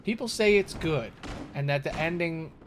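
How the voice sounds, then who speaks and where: A man's voice: fairly high pitch, lively intonation, moderate pace, a bit bright. A man streaming a video game, rambling jokily and getting exasperated at a boss he cannot beat. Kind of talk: casual gameplay commentary. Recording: audible background noise.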